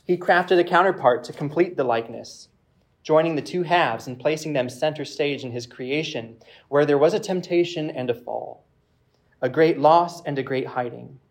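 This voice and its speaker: A man preaching, reading a reflective passage aloud in a measured way with pauses. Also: a little high. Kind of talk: sermon with read-aloud passage.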